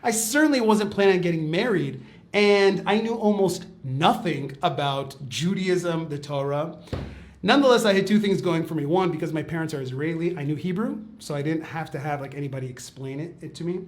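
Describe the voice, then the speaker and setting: Guy in his 40s, talky storyteller, lots of "like" and "okay", kinda high voice. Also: a little fast. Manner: chatty, quotes others in acted asides, lots of "like" and "okay". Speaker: rabbi and teacher. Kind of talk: storytelling talk on a live-stream.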